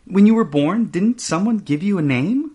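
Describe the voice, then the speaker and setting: A man's voice: high-pitched, animated, moderate pace, mellow, husky, voice pushed up. A man voicing a curious young girl in a read-aloud storybook, asking eager questions.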